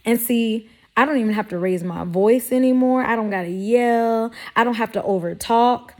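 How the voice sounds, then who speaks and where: A woman's voice: on the high side, normal speed, dark tone. A woman talking straight to camera in a sassy, blunt way, giving life advice and acting out mock quotes. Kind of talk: casual direct-to-camera talk.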